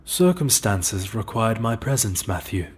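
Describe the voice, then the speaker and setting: Man doing an inhuman gaunt gentleman, cultured, silky, coldly clinical, low. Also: unhurried. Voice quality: cultured and smooth. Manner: calm, clinical and formal. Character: gaunt sinister tall inhuman man in a suit.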